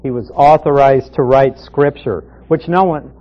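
A man's voice: mid-range voice, measured pace. A man teaching a Bible class as a pastor, reading scripture aloud and stressing key words with emphatic repetition. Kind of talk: Bible study lecture. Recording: muffled lo-fi recording.

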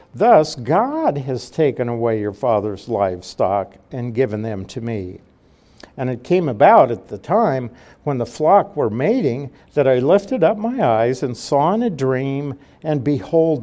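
A man's voice: mid-range voice, warm tone. An older man reading scripture aloud, then explaining it verse by verse in a folksy, conversational way. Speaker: Bible teacher. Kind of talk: verse-by-verse Bible teaching.

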